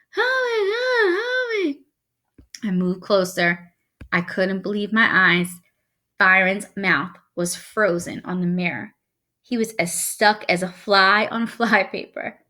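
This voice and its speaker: Bright woman reading a story aloud. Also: mid-range voice. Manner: lively, wry first-person storytelling. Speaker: reader.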